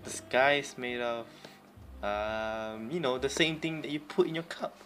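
A man's voice: mid-range voice, measured pace, fairly bright tone, faint music behind. A tipsy young man co-hosting a podcast, stammering and swearing through laughing late-night banter. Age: young adult. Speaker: podcast co-host. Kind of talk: casual late-night chat.

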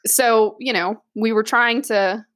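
With a fairly high-pitched voice and a slow pace, a woman police officer tells a funny work story in casual chat, with no echo on the recording. She's animated, laughs often, and acts out the voices of the people she quotes.

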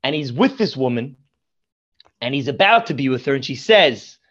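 A man's voice: mid-range voice, sing-song, moderate pace, fairly bright tone, lo-fi sound. A man, a rabbi guest on a podcast, teaching Torah through storytelling and effusive in his praise. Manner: effusive, repeats praise often.

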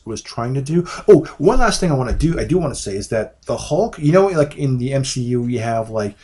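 A man co-hosting a casual movie review podcast, talking in rambling, halting bursts with frequent restarts. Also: mid-range voice, darkish tone. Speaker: podcast co-host.

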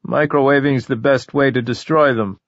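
A man's voice: mid-range voice, fairly even intonation, normal speed, no room sound, lo-fi sound, lightly acted. A man voicing a paranoid, agitated middle-aged man who is suspicious and snaps in exasperated outbursts. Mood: conspiratorial.

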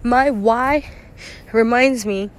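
A woman's voice: fairly high pitch, slow pace. A young woman talking through her feelings alone to camera in a rambling, emotional monologue, full of "like," swearing, sighs and nervous laughs, close to tears. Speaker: vlogger.

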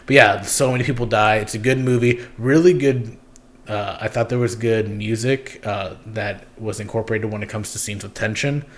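Young guy rambling on a podcast, kinda low voice, giggles a lot, faint hiss behind. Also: fairly even intonation, normal speed. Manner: rambling, giggly, many ums. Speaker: podcast host. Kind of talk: casual podcast chat.

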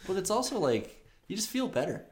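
A man in casual chat as podcast co-host, upbeat and chatty, talking in quick bursts. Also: high voice, big pitch swings, roomy sound.

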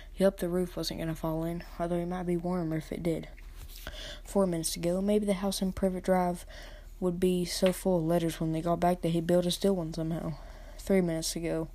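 A woman reading a children's novel aloud for a podcast, unhurried, often stumbling and correcting herself. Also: lowish voice, dark tone. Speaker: podcast reader. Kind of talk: audiobook reading.

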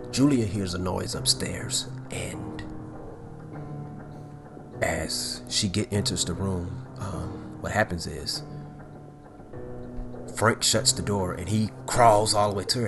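A man casually recapping a horror movie, animated and excitable, full of fillers and asides. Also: low voice, slow, pauses often, music in the background. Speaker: movie reviewer.

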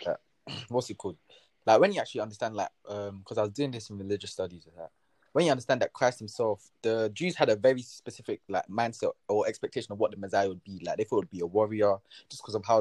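A young man, talking in a quick, casual way full of "like" as a guest in a panel discussion. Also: on the low side, darkish tone, no room sound. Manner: fast, filler-heavy talk with many "like"s.

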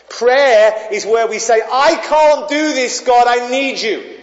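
A man preaching a sermon as a pastor, conversational and given to digressions. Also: sits high. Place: church. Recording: echoey hall, dull sound.

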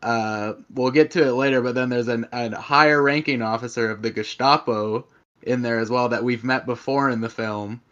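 A man's voice: medium pitch, fairly even intonation, moderate pace, fairly bright tone. Enthusiastic man on a dull mic. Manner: enthusiastic, rambling. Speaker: podcast co-host. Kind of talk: casual chat about a film. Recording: slightly dull lo-fi sound.

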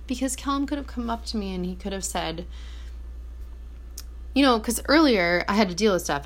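A woman vlogging from her small apartment, talking in a casual, reflective monologue that rambles, fills with "like" and corrects itself as she goes. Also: low-pitched. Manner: rambling, heavy on "like", self-correcting.

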